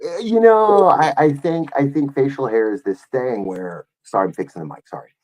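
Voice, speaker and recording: Animated male guest on a call. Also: medium pitch, moderate pace, crowd noise. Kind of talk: casual livestream chat.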